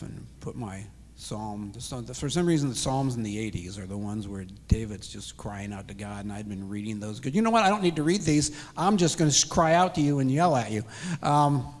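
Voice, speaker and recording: A retired man in his sixties telling an emotional personal story as an interview guest, acting out the dialogue. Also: medium pitch. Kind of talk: personal testimony. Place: church sanctuary. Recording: long hall reverb.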